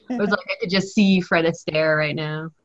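A woman instructor leading a live online culinary class in a chatty, joking manner over a video call. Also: sits low. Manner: playful, chatty, jokey. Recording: muffled online call audio.

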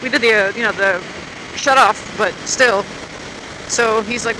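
A woman's voice: fairly high pitch, measured pace, background noise. A woman motovlogger chatting and grumbling in a rambling, unscripted way outdoors at a gas station.

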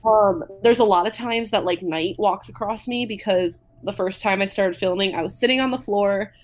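A woman's voice: medium pitch, moderate pace. A young woman guesting on a podcast, chatting casually with lots of fillers and giggles over a video call. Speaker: podcast guest, makeup creator. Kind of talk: casual chat.

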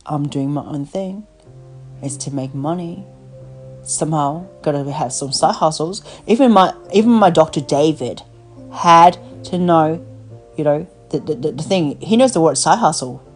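A woman's voice: deep voice, animated, normal speed, faint music behind, rough recording. A woman hosting a podcast over the phone in a blunt, profane casual rant, packed with "you know" and "like," her voice worn out from talking. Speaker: podcast host.

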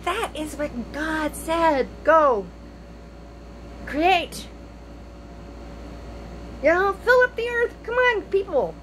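A woman's voice: extremely high pitch, very animated, unhurried, hardly any pauses, a bit bright, slight background noise, rough recording. An older woman and grandmother talking straight to her viewers in an emotional, pleading opinion monologue, repeating her phrases. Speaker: vlogger.

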